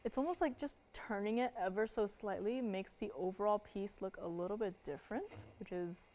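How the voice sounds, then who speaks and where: A woman's voice: mid-range voice, a little fast, darkish tone. A woman hosting a live jewelry shopping show, talking casually with frequent laughs and fillers as she describes pieces and answers viewers. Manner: chatty, laughs often, many fillers. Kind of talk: live home-shopping presentation.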